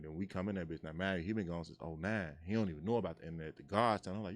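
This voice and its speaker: Deep-voiced fast-talking Chicago man. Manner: animated storyteller, acts out quotes in a high voice. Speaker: guest. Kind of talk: casual chat.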